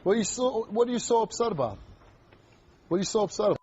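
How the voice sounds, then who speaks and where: A man's voice: sits high, lively intonation, quick pace, muffled recording, noisy background. A man hosting a confrontational talk show on a TV studio stage, scolding and commanding a teenage guest.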